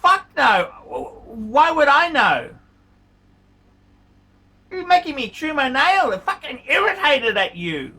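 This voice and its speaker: Man, angry profane rant, very lively pitch, heard from a distance off the mic. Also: slow pace, pauses often. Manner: furious, swearing, repeats insults. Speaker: watch vlogger.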